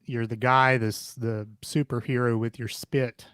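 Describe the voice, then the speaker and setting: A man's voice: medium pitch, level tone, a little slow, fairly bright tone, clear, resonant tone, dry recording, clean studio sound. A man co-hosting a casual comedy podcast, talking with lots of hesitant fillers and laughing often. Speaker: podcast co-host. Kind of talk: casual chat.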